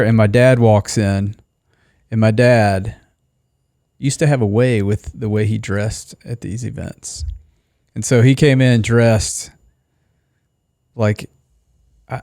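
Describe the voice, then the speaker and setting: A man's voice: medium pitch, darkish tone, dry recording, clean studio sound. A man hosting a podcast, telling embarrassing stories in casual chat and laughing often. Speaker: podcast host.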